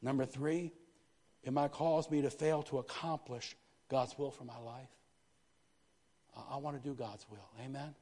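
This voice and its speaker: A man preaching a sermon in a church, lively, with frequent asides to the congregation. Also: mid-range voice, unhurried, pauses often. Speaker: pastor. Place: church sanctuary. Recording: long hall reverb.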